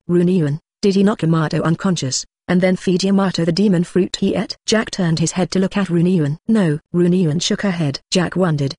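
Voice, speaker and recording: A text-to-speech audiobook narrator reading a translated novel in a steady, even delivery, with dialogue and narration read alike. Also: medium pitch, no echo, studio quality. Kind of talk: flat synthetic audiobook reading.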